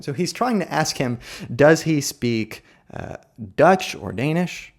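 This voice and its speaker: An American man giving a literary lecture, explaining in a thoughtful, measured way. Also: on the high side, expressive.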